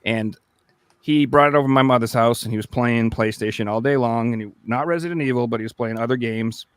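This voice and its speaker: Animated male podcast storyteller, dry close sound. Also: brisk, smooth, dry recording. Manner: animated storyteller, acts out his younger self with big jumps in pitch. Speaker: podcast co-host. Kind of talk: casual chat.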